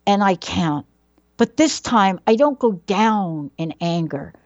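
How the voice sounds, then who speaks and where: A woman's voice: mid-range voice, big pitch swings, measured pace, darkish tone, no room sound, lo-fi sound. A woman telling a personal childhood story in a dramatic way, building suspense with questions and repetition.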